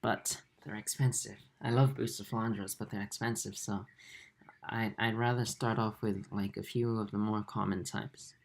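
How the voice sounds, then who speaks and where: A young man with an Australian-tinged accent, hosting a casual livestream and answering viewer comments in a relaxed way, with lots of fillers and restarts, recorded on a laptop mic. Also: fairly low pitch, normal speed, gravelly. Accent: Australian-tinged English. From Japan and Singapore. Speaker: aquarium channel host.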